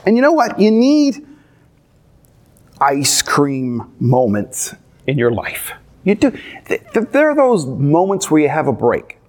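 A middle-aged man, a pastor, preaching a sermon with animated storytelling and playful asides. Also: on the high side, slow, long pauses.

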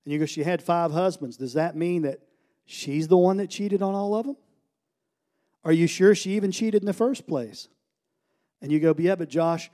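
A middle-aged man from the United States delivering a sermon, his voice mellow and warm and sitting a little high for a man. He tells stories and keeps pulling his voice down to a near hush, then rising into loud, pressing questions. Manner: storytelling preacher, swings from hushed to loud. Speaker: pastor.

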